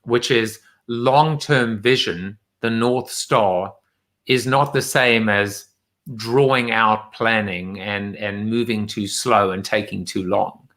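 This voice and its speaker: A man's voice: lowish voice, slow, a bit bright. A man hosting a live online talk show, chatting casually with many fillers and restarts. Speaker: show host. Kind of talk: casual live-stream chat.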